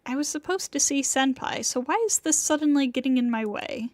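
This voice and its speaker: A woman's voice: high voice, brisk, darkish tone, dry recording, close to an everyday voice. A woman reading the first-person narration of a flustered young male student, bewildered and rambling. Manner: bewildered, rambling inner monologue.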